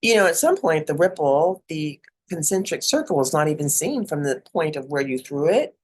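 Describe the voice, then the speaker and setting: A woman's voice: low-pitched, big pitch swings, moderate pace, slight background noise. Chatty middle-aged woman, spiritual talk. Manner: chatty, digressive, laughs often. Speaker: spiritual mentor.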